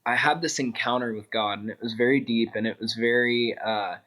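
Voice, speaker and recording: A man's voice: mid-range voice, steady tone, brisk, a bit bright. A man talking in an earnest, reflective way as an interview guest, with the odd filler "um". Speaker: interview guest, clothing designer. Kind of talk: casual interview chat.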